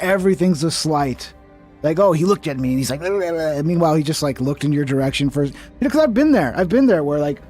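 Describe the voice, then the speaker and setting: A man's voice: on the high side, a little mellow. A young man giving casual, skeptical reaction commentary and swearing freely. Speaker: commentary streamer.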